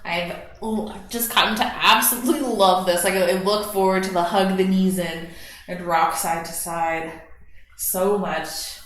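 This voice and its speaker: Soft-spoken yoga teacher woman in echoey room. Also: lowish voice, fairly even intonation, slight background noise. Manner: soft, slow guiding cues with gentle encouragement. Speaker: yoga instructor. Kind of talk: guided yoga class.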